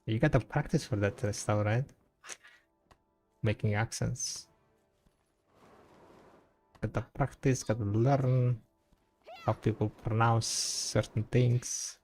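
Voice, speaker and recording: A man talks casually to his viewers while he plays, rambling along with lots of "uh" and "like" and restarting his sentences. His mid-range voice has a gravelly edge. Soft music plays faintly under his talk. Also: mid-range voice, fairly even intonation, slow, pauses often. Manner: rambling and laid-back, heavy with fillers and restarts. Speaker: game streamer. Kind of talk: casual gaming stream chat.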